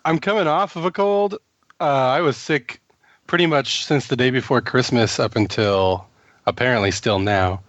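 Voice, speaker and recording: A man's voice: medium pitch, normal speed, a bit bright, no room sound, muffled recording. A man co-hosting a casual gaming podcast, stuffy from a cold, telling crude, joking stories. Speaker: podcast co-host, tattoo artist.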